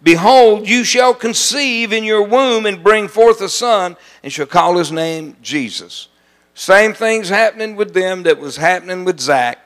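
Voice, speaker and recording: A man preaching a sermon as pastor, animated and calling out to his congregation. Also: high voice. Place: church sanctuary.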